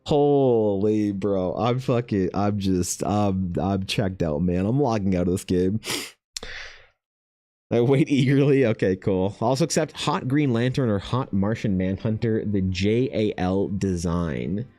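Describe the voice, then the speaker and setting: A man's voice: fairly low pitch, a little slow, mellow, no echo, studio quality. A man streaming while he draws, chatting in a rambling, profane, self-mocking way. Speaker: art streamer. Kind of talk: casual chat while drawing.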